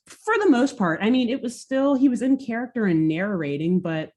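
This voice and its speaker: A woman co-hosting a podcast, telling a story in a casual, animated way with lots of "like.". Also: fairly high pitch, moderate pace. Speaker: podcast co-host.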